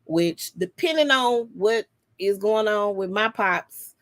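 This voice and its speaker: A woman co-hosting a podcast, chatting casually with quick, lively reactions. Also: medium pitch, no room sound. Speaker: podcast co-host. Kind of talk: casual chat.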